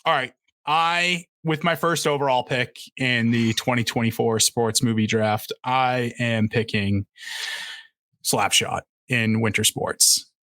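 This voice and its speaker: A man's voice: medium pitch, slow, bright, forceful tone, no room sound, clean studio sound. A man hosting a casual podcast chat over a video call, laughing often and restarting his sentences. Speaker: podcast host running the draft.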